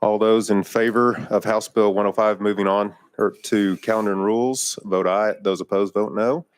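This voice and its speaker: A man's voice: fairly low pitch, fairly even intonation, normal speed, no echo. Man chairing a legislative hearing. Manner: procedural, plain-spoken with frequent fillers. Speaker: committee chairman.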